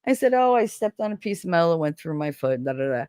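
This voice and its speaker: A stream co-host with a lowish voice talks fast and smoothly in a clean studio recording with no echo. Chatting casually, she tells stories animatedly, swears freely, laughs often, and acts out the voices of people she quotes.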